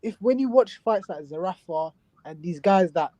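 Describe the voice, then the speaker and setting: A man's voice: high voice, expressive, normal speed, dark tone, no room sound, dull audio. A man with a London accent in casual chat, giving blunt opinions on boxing and often repeating himself. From South London. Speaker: guest boxing pundit.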